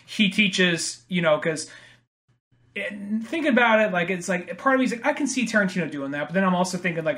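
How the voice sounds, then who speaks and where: A man's voice: fairly high pitch, fairly bright tone. A man co-hosting a casual movie talk, rambling and acting out quotes with casual swearing.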